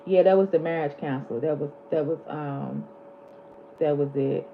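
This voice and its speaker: A woman's voice: low voice, moderate pace. A woman, chatting casually on her vlog and animatedly retelling movie scenes. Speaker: vlog host. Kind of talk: casual chat. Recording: slightly dull lo-fi audio with faint background hiss.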